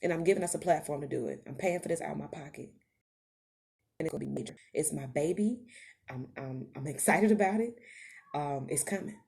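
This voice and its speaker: A woman's voice: deep voice, brisk, creaky, a little mellow. A woman podcast host, giving an impassioned motivational monologue that rises to emphatic calls to her listeners. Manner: preachy, rising to emphatic calls to the audience.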